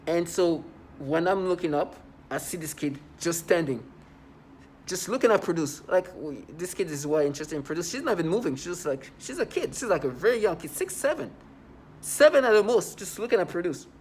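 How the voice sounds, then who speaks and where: A man's voice: on the high side, lively intonation, fairly quick, slight background noise. A man talking straight to camera in a casual monologue, agitated and rambling, repeating himself often.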